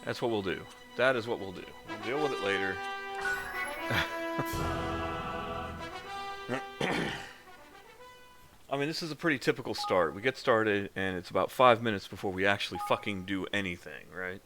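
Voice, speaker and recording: A man streaming a game in a relaxed way, swearing casually and reading the game's text aloud. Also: lowish voice, fast talker, few pauses. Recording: game music behind the voice.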